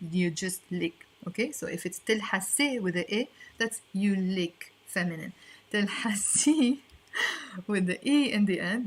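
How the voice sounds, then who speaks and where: A woman's voice: mid-range voice, breathy edge. A woman teaching a language lesson online, explaining in a playful, chatty way with asides.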